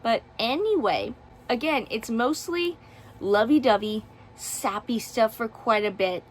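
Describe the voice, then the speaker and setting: Woman reviewer, slightly high voice, sarcastic, exasperated ranting. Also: lively intonation, measured pace, slight background noise. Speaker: book reviewer. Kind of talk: casual book review vlog.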